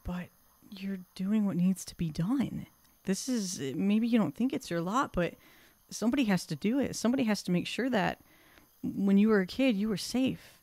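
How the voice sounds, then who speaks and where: A woman's voice: mid-range voice, moderate pace, dark tone, dry recording, natural voice. A woman voicing a dutiful male town guard who speaks in an earnest, encouraging way.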